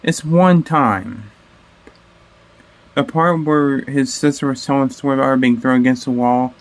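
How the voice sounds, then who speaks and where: A man's voice: medium pitch, normal speed. Guy rambling thru his reaction, swears a lot, keeps restarting sentences. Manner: rambling, self-correcting, swears casually. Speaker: reaction video host. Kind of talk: casual reaction commentary.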